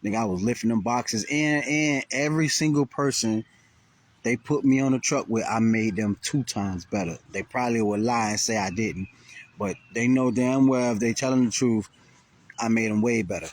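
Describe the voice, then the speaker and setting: Husky, profane man vlogging outdoors. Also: mid-range voice, normal speed. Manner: profane, rambling and animated. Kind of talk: casual livestream storytelling. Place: outdoors, riding around a graveyard.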